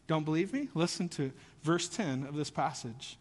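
A man's voice: fairly high pitch, moderate pace, hardly any pauses, long reverb tail. A man preaching a sermon as pastor, conversational and often asking the audience questions.

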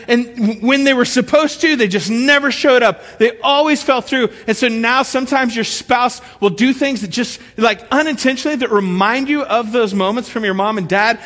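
High-voiced animated male preacher. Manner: animated storytelling, acting out quotes. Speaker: pastor. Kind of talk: sermon. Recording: long reverb of a large hall.

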